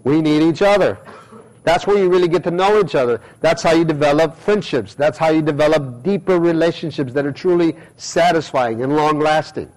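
A man's voice: a little high, a little fast, darkish tone, low-quality recording. A middle-aged male pastor giving a conversational sermon, acting out everyday quotes as he preaches.

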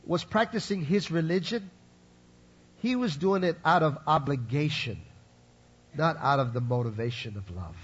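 A man preaches with a high, breathy-edged voice, tossing in quick asides to keep the congregation with him. The recording is muffled and dull, with little treble. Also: a bit bright. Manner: conversational preaching, frequent "right?" and "you follow?" asides. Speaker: pastor. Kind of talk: sermon.

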